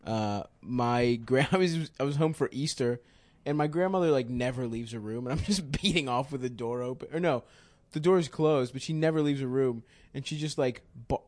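A man's voice: mid-range voice, moderate pace, a little mellow. A man in his late twenties on a comedy podcast, throwing in crude quips and laughing a lot. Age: 20s. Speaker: podcast host. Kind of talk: casual comedic chat.

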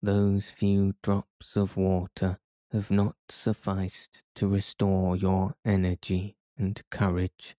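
A man's voice: deep voice, completely flat delivery, slow pace, dark tone, dry recording, studio quality. A man reading an audiobook, voicing a stubborn older male professor in an insistent, commanding way. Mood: stern.

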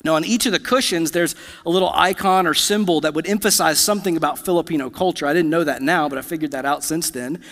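A man's voice: on the high side, quick pace, fairly bright tone. A man in his thirties, a pastor from the United States, preaching a conversational sermon to a church congregation and telling personal stories with asides to the room. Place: church sanctuary. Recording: long hall reverb.

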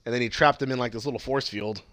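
A young man in casual chat, going through his notes on a TV episode, swearing freely and mimicking the characters in sudden high yelps. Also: fast talker, fairly bright tone, dry recording, studio quality. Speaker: co-host reviewing a TV episode.

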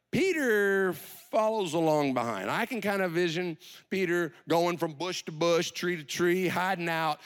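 A man preaching a sermon, retelling a story with lively, acted-out quotes. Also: high voice. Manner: animated, acts out scenes with quoted voices. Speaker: pastor.

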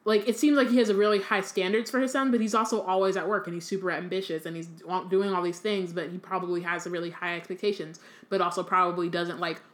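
A young woman co-hosting a podcast, reading aloud and then chatting casually, full of "like" and quick restarts. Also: medium pitch. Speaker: podcast co-host.

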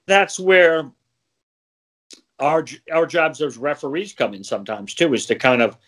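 A man's voice: a little high, measured pace, a bit bright. Guy who refs wrestling, just chatting on a podcast, laughs a lot, lots of ums. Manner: chatty, laughs often, rambling with fillers. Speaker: wrestling referee. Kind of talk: casual podcast chat.

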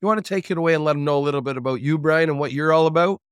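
A man's voice: a little high, very fast, clean tone, no room sound, clean studio sound. A man hosting a podcast, reading an upbeat scripted intro and plugging where to find the show. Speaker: podcast host.

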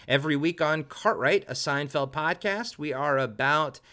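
A man's voice: fairly high pitch, normal speed, pushed and bright. A man co-hosting a podcast in casual chat, joking and laughing often. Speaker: podcast co-host.

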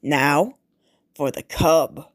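A woman voicing a menacing male guard with a knife, in a low, gruff, threatening mutter. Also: extremely slow, no room sound, clean studio sound. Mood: sneering.

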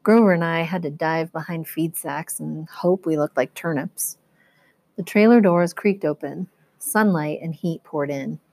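Low-voiced woman reading a story aloud. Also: unhurried. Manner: steady, expressive storytelling. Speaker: teacher.

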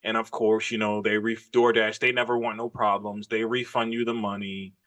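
A man's voice: lowish voice, level tone, normal speed, a bit bright. Guy on a podcast, swearing a lot, telling a story, casual and emphatic. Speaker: podcast co-host.

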